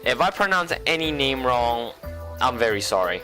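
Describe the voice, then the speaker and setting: A man's voice: medium pitch, big pitch swings, normal speed, music in the background. A young man casually playing through and reading a visual novel, with chatty, self-deprecating asides. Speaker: gaming YouTuber. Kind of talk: let's play, reading a visual novel aloud.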